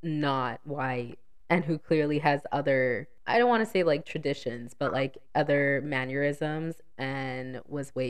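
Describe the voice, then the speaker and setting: A woman co-hosting a casual podcast, chiming in with agreement and her own points. Her voice is very low, with a smooth, resonant clarity. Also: measured pace. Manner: agreeing, interjecting. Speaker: podcast host. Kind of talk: casual chat.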